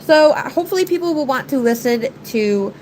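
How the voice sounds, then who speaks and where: A woman's voice: high-pitched, expressive, fairly quick, darkish tone, a little hiss or hum, rough recording. A woman hosting a nail art live stream, talking in a chatty, rambling way through a stuffed-up, nasal voice. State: congested, nasal. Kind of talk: casual live-stream chat.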